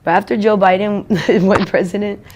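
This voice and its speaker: A woman's voice: medium pitch, flat delivery, moderate pace. Rambling, blunt woman on a noisy street. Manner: rambling, blunt, swears freely. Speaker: interviewee. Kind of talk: casual street interview.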